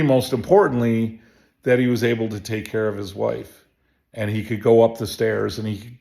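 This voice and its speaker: A chiropractor telling a personal story in a relaxed, rambling way, full of restarts and fillers. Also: male voice, lowish voice, vocal fry. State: emotional. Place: home.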